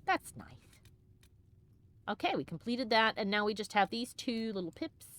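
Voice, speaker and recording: A woman's voice: on the high side, big pitch swings, moderate pace, fairly bright tone. A woman hosting a game let's play, chatting playfully, stumbling over fantasy names and reading in-game letters aloud.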